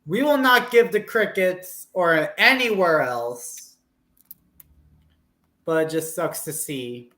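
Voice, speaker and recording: A man's voice: fairly high pitch, animated, slow pace, long pauses, sharp tone. A man co-hosting a casual sports chat, easygoing and joking. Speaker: podcast co-host.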